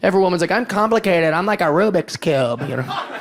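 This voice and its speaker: A man doing a stand-up comedy set on a club stage, profane and animated, acting out the voices of others. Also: high voice, fast talker. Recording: audience laughter throughout. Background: crowd laughing.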